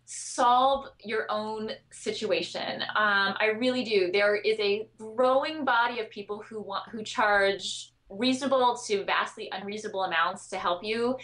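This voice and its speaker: Woman, podcast guest, earnest, chatty, lots of ums and restarts, mid pitch. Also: measured pace, hardly any pauses, a bit bright. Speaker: guest expert on child sleep. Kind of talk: podcast interview.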